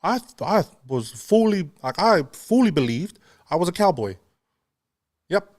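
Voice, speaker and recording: A man's voice: high-pitched, big pitch swings, normal speed, darkish tone, dry recording, studio quality. A male radio host in casual chat, talking in a chatty, self-mocking way and laughing often. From not London.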